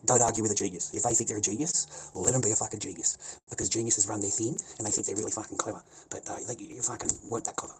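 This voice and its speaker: Speaking very fast in a fairly low, darkish voice with fairly even intonation, this Australian man delivers a meandering, profane rant. He keeps repeating himself, breaks into laughter between lines, and the recording carries noisy hiss.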